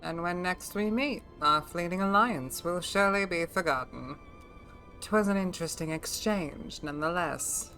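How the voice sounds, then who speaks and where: Breathy solemn game hero , woman putting it on, low, formal olde speech, soft. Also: moderate pace, faint music behind. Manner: formal, archaic phrasing. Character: earnest, self-doubting fantasy companion reciting lore. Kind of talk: voicing game dialogue aloud.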